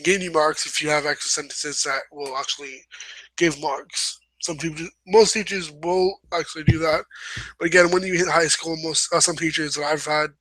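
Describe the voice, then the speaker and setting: A young man with a bright, forceful voice pitched a little high, talking through a writing lesson in a relaxed, rambling way. He stops to correct himself and apologize as he goes. The sound is dry and close, with no room echo. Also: moderate pace. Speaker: host. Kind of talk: casual instructional talk.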